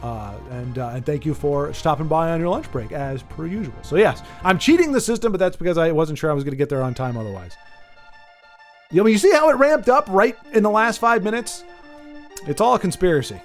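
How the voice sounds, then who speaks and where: A man with a fairly high voice hosts a casual livestream, rambling, joking and talking straight to his viewers by name. Faint game music plays behind him. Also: sing-song, a little fast. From United States.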